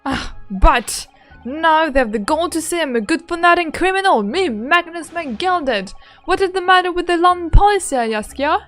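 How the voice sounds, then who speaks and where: A woman's voice: very high voice, expressive, normal speed, soft background music. A woman voicing a boastful, blustering rich older man with a put-on Irish lilt while playing a game. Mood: indignant. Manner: bragging, loud, folksy put-on Irish lilt. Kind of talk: voicing game characters in a playthrough.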